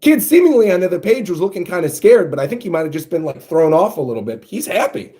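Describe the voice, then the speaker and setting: Animated man reacting while reading aloud. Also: high voice, fast talker. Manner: animated, thinks out loud, reads panels aloud. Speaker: manga reaction host.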